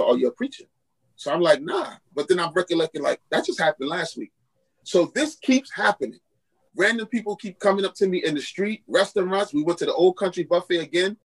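A man's voice: on the high side, rough recording. A man, a pastor and podcast guest, telling a personal testimony and acting out the voices of the people in his story. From Queens, New York. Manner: animated storyteller acting out quoted dialogue.

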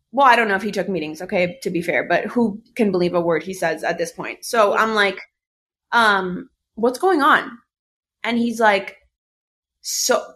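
A young woman in casual chat, telling a personal story in an animated way, with lots of fillers and swearing. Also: mid-range voice. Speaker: storyteller recounting a breakup.

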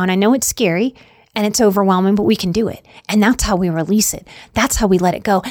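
A woman's voice: mid-range voice, a little mellow, no echo, clean studio sound. A middle-aged woman hosting a reflective talk on anxiety, speaking earnestly with repeated emphasis and the odd "y'all". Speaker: podcast host on anxiety.

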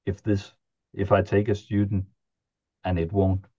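Dark-voiced man telling a halting story. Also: deep voice, flat delivery, husky, dry recording, dull audio. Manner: halting, chuckling anecdote telling with many restarts. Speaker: podcast guest. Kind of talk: casual storytelling.

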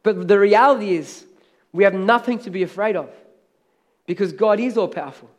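A man's voice: sits high, moderate pace. A man preaching a sermon in a church, emphatic, repeating key phrases and calling out for amens from the congregation. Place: church hall.

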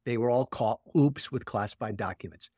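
A man's voice: medium pitch, normal speed, mellow, no echo, studio quality. Blunt, profane man in casual talk. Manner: blunt, profane, laughs often. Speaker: political commentator guest. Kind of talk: casual political chat.

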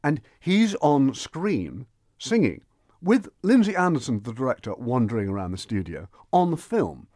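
Animated man reviewing films on radio. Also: medium pitch, moderate pace, no room sound, studio quality. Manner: enthusiastic, animated, with frequent restarts. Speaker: radio guest film reviewer. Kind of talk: radio chat.

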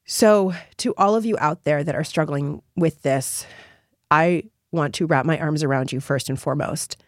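A woman's voice: low-pitched, moderate pace, dry recording, clean studio sound. A woman hosting her own podcast, talking to listeners in an effusive, encouraging and emphatic way. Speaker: podcast host. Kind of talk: solo podcast monologue.

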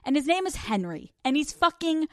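A woman's voice: high voice, sing-song, moderate pace, a bit bright, no room sound. A young adult woman hosting a casual solo podcast, candid and crude, joking as she talks into a close mic. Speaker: podcast host.

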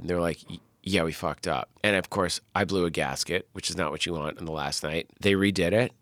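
A middle-aged man, a film director, telling animated stories in a casual interview, swearing often and acting out what people said. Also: deep voice, fairly quick, hardly any pauses, no echo. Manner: animated storyteller, swears often, acts out quotes.

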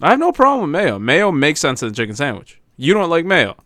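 A man's voice: a little high, wildly swooping pitch, fast, a bit bright, dry recording, clean studio sound. A man co-hosting a podcast in casual chat, ranting with mock indignation. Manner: mock-indignant and emphatic in rants. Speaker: podcast co-host.

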